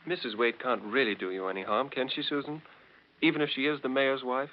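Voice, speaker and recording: An earnest young fiancé, played by an actor, speaks mildly and haltingly in a mid-pitched voice. The 1940s radio recording sounds dull. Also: male voice, steady tone, a little hiss or hum, close to an everyday voice. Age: young adult. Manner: mild, hesitant.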